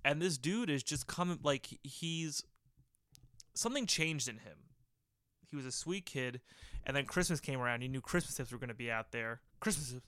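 A thirty-year-old man hosting a podcast tells a work story in a relaxed chat, his medium-pitched voice animated, a bit bright, and moderately paced. He rambles, swears, and corrects himself along the way.

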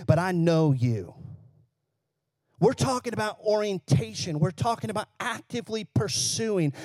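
A man's voice: a little high, a little mellow, no echo. A male pastor preaching a conversational sermon, asking the congregation questions and joking now and then.

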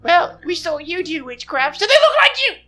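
A man's voice: extremely high pitch, sing-song, moderate pace, pushed and bright, faint music behind, pitched above the performer's own voice, full character voice. A woman voicing a pompous, self-righteous village spokesman in a tabletop game. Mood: threatening. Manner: pompous, declaiming.

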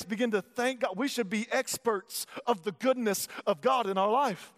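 A man in his thirties with a Southern American accent, preaching a sermon in a conversational, folksy way, at times dropping to a soft, low voice for emphasis. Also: normal speed, hardly any pauses. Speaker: pastor. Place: church sanctuary. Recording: long hall reverb.

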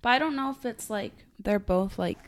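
A woman's voice: medium pitch, normal speed. A woman co-hosting a podcast in casual chat, playful and full of laughs, slipping into silly mixed-up accents. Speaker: podcast co-host.

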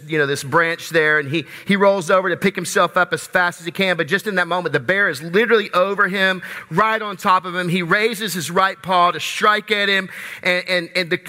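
A male pastor preaching in a jokey, conversational, animated manner to a live congregation in a large church, through a stage microphone. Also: sits high. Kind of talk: sermon. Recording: reverberant live church hall.

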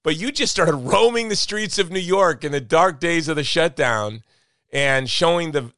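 A man's voice: on the high side, moderate pace, fairly bright tone, no echo. Passionate male podcast host, dry sound. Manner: passionate, repeats himself for emphasis. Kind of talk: casual podcast chat.

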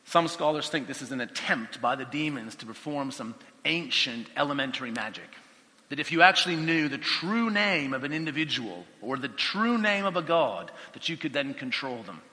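A man giving a lively Bible teaching talk, conversational, acting out quotes with voices and asides. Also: medium pitch, moderate pace. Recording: long hall reverb.

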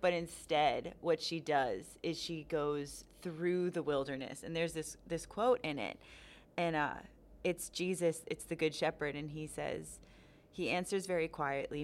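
A woman's voice: sits low, measured pace. A woman in a casual faith conversation, talking earnestly and reflectively with frequent restarts.

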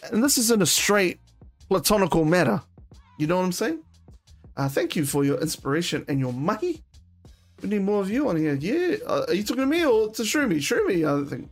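A New man hosting a casual call-in stream. He talks in loose slang and swears easily, and his pitch swings up and down in lively leaps. Soft music runs quietly behind him. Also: fairly quick. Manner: slangy, excitable, swears freely. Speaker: streamer taking call-ins. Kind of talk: casual chat.

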